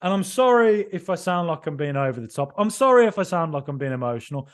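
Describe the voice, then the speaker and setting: A man hosting a football podcast, giving an excited, emphatic and rambling reaction right after a match. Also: fairly high pitch, quick pace. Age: 30s or older.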